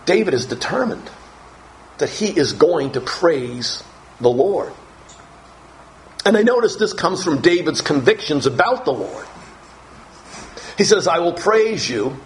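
A man's voice: fairly high pitch, very animated, slow pace, long pauses, slight background noise, low-quality recording. A male pastor preaching a Bible-teaching sermon, reading verses aloud and stressing key phrases with strong emphasis.

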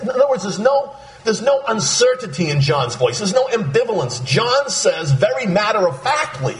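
A man's voice: high-pitched, moderate pace, hardly any pauses, echoey room. A man preaching a sermon, walking through a scripture passage and acting out the disciples' lines. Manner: animated, acts out voices of disciples.

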